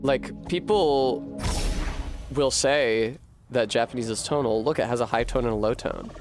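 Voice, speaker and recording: A man streaming a video game, chatting casually and thinking aloud to his viewers, swearing freely and getting animated. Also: medium pitch, unhurried, over music. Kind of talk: casual live-stream chat while gaming.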